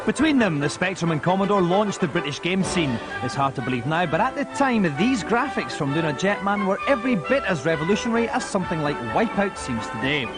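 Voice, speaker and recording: A man's voice: high-pitched, very animated, fairly quick, few pauses. A man hosting a games show, delivering wisecracking scripted voice-over narration. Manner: cheeky, wisecracking. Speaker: host. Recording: voice-over with loud music underneath. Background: loud music.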